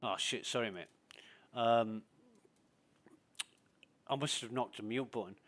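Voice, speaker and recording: Man, mid-pitched, casual gaming streamer who rambles and swears his way through anecdotes. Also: unhurried, a bit bright. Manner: rambling storyteller, swears freely. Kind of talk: casual voice chat while gaming.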